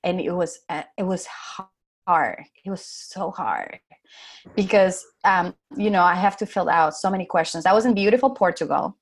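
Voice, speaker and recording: Animated woman telling a personal story. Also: on the low side, moderate pace. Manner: animated, acts out her own past lines in a raised voice. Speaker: guest. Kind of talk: casual storytelling.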